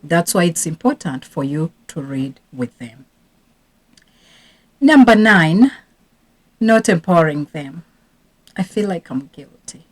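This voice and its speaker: A woman in her thirties working as a parenting coach, giving earnest casual advice with repeated emphasis. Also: mid-range voice. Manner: earnest, repetitive emphasis, occasional restarts.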